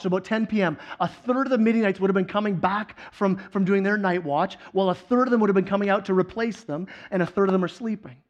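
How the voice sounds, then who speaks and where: A man with a high-pitched voice preaches a sermon, moving between loud, excited storytelling and low, earnest moments. The recording sounds dull and lo-fi. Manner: animated storytelling, swings from loud excitement to quiet intensity. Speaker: guest preacher.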